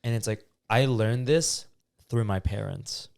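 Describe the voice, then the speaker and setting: Low-voiced young man, chatty and rambling. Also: measured pace, gravelly, dry recording, studio quality. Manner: relaxed, rambling, many fillers. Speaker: podcast co-host. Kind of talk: casual chat.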